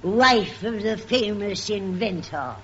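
A woman's voice: mid-range voice, animated. A woman voicing an elderly, vain former film star reminiscing grandly, in a vintage radio comedy. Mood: wistful. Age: older. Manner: grand, wistful, slow. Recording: noisy lo-fi vintage radio recording.

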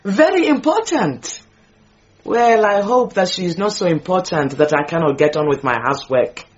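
An actress playing an indignant, possessive housemaid who complains dramatically, in a radio drama. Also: female voice, on the low side, expressive, moderate pace, highs cut off, close to an everyday voice. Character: indignant, possessive housemaid, middle-aged woman.

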